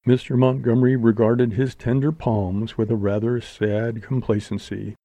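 A man narrating an audiobook in a measured, even reading. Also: fairly low pitch, no room sound, lo-fi sound. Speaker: audiobook reader. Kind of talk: scripted narration.

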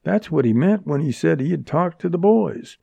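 A man's voice: fairly high pitch, animated, moderate pace, vocal fry, slightly rough, dry recording, voice pushed up, exaggerated voice. A man reading an audiobook, voicing a fierce, commanding young woman held captive by outlaws. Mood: urgent. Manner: sharp, commanding, urgent. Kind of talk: audiobook character voice. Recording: dull lo-fi recording.

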